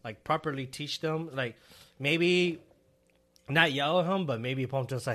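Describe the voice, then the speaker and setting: A young man co-hosting a casual podcast, relaxed and easygoing, asking questions. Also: fairly high pitch, normal speed. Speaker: podcast co-host. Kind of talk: casual chat.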